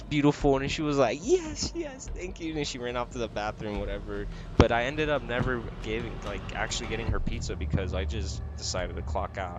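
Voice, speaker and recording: Rambling young man saying "bro", noisy mic. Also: fairly low pitch. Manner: animated, acts out quotes, says "bro" and "like" constantly. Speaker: gamer telling a work story. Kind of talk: casual storytelling over gameplay. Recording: loud background noise.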